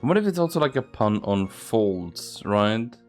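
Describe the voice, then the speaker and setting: A man's voice: fairly low pitch, sing-song, measured pace, darkish tone, soft background music. A man hosting a game let's play, chatting and joking with frequent laughs. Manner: chatty, jokey, laughs often. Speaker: host.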